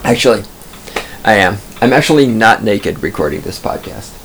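A man's voice: on the low side, expressive, normal speed, background noise. A man hosting a podcast from a studio booth, telling stories in a profane, digressive, self-amused ramble. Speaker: podcast host. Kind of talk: rambling comic monologue.

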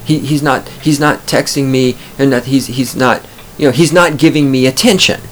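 A man's voice: medium pitch, normal speed, a little hiss or hum, voice pushed up, natural voice. A man voicing a needy young woman whining that her lover ignores her. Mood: plaintive.

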